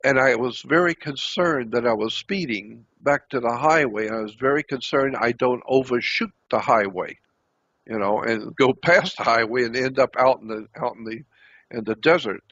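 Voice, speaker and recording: A man host recounting a personal anecdote in a dramatic, repetitive way, halting often as he searches for words. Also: medium pitch, a bit bright, husky. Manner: dramatic, repetitive storytelling with frequent halts. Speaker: channel host. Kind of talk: personal anecdote, told aloud. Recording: dull lo-fi recording.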